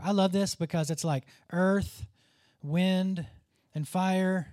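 A man's voice: high-pitched, slow, darkish tone, dry recording, studio quality. A man preaching a conversational sermon, dropping to a near whisper at tender moments. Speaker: pastor.

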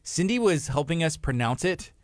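A man's voice: fairly high pitch, lively intonation, normal speed, no room sound, clean studio sound. A middle-aged man, hosting a local talk show in a chatty, friendly way. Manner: friendly, chatty, laughing often. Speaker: host. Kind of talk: casual chat.

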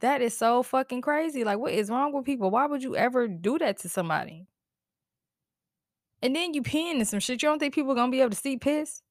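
A woman's voice: sits high, fairly quick, dry recording, clean studio sound. Profane, fired-up woman podcast host. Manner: heated, profane, animated venting with laughs and sighs. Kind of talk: casual solo podcast rant.

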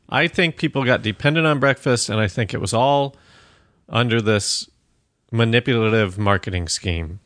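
A man's voice: mid-range voice, normal speed, a bit bright, dry recording. A man hosting a casual comedy podcast, teasing and mock-bossy as he pushes his theories. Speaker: podcast host.

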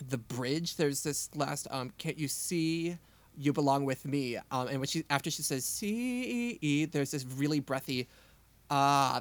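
A man's voice: medium pitch, no room sound. A man co-hosting a podcast, casually and keenly picking apart song arrangements and melodies, with lots of "like" and "um" fillers. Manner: enthusiastic, analytical, many fillers. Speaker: podcast co-host. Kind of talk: casual music analysis chat.

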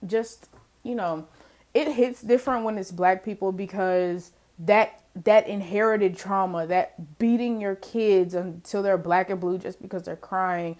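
Young woman, solo podcast host, casual and emphatic, laughs often, says y'all, mid-pitched. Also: steady tone, unhurried, a little mellow. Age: young adult.

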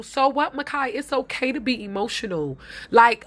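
A woman's voice: on the high side, expressive, normal speed, fairly bright tone. A young adult woman hosting a podcast, talking in a heartfelt, tearful way and repeating her phrases as she speaks. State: crying at times. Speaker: podcast host. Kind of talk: emotional podcast monologue.

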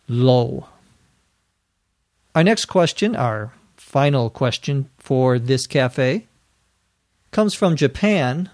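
An American man hosting an English-learning podcast, spelling words out letter by letter and repeating them slowly and clearly. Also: medium pitch, a little mellow, no room sound, clean studio sound. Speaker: podcast host and English teacher. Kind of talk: slow, carefully enunciated teaching.

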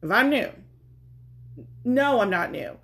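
Middle-aged woman, gravelly fry in her voice, animated, exasperated storyteller who acts out the other people's lines. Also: on the high side, slow. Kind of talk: casual storytelling chat.

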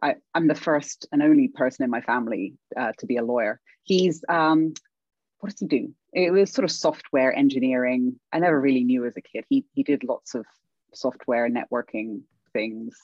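A middle-aged woman from England with a British accent, talking casually as an interview guest, lively and self-deprecating, laughing often. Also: very deep voice, moderate pace, dry recording, muffled recording. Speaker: guest, legal academic.

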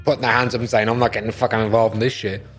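A man's voice: on the low side, level tone, racing, fairly bright tone, breathy edge, faint music behind. A man hosting a casual podcast chat, joking and swearing often. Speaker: podcast host.

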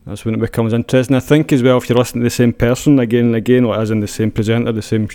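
A man's voice: medium pitch, fairly even intonation, racing, mellow, smooth. A man with a Scottish accent in a casual podcast chat, thoughtful and a bit hesitant.

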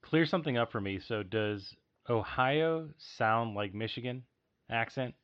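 A man's voice: medium pitch, unhurried, clear, resonant tone. A man from Pennsylvania, a podcast co-host, chatting casually and teasing his friends. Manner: teasing, animated. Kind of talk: casual chat. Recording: dull lo-fi recording.

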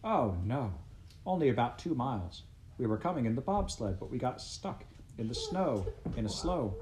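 A man reading aloud and voicing a pleasant, cheerful young pioneer wife who chats brightly. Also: mid-range voice, very animated, moderate pace, a little hiss or hum, natural voice.

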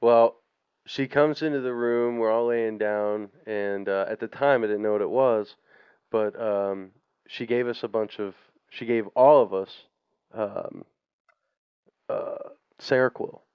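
Man, podcast co-host, low voice, smooth, rambling profane storytelling, dull dry audio. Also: steady tone, measured pace, dry recording. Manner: profane, rambling, laughs through his story. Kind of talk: casual storytelling chat.

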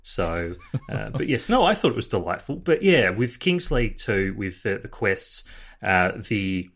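A man with a very deep, low voice talking through a video game in a relaxed, unscripted way. He thinks aloud and often pauses or restarts with fillers. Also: creaky. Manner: thoughtful, with many fillers and restarts. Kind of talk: casual game discussion.

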